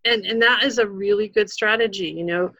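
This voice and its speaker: A woman's voice: mid-range voice, brisk, pushed and bright, no room sound. A woman, a guest educator, giving parenting advice in casual talk, earnest, with many fillers and restarts. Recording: dull lo-fi sound.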